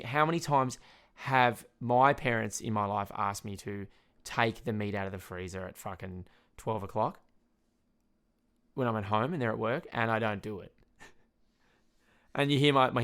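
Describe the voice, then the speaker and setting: A man's voice: mid-range voice, fairly bright tone, smooth. A young Australian man hosting a podcast, talking in a rambling, loose way, swearing often and laughing at his own stories. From Tasmania, Australia. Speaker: podcast host. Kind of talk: casual solo rant.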